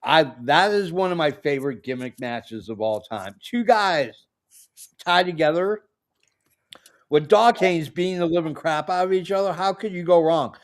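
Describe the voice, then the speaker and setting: A man's voice: a little high, lively intonation, moderate pace. Blunt, jokey man co-hosting a podcast. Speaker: podcast co-host. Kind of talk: casual chat.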